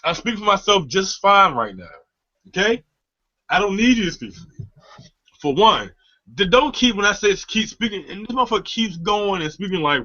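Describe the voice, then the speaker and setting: A man co-hosting a talk show, delivering a profane comic rant full of swearing and quick mimicry of others. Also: high-pitched, expressive, sharp tone. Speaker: podcast co-host. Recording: dull lo-fi audio.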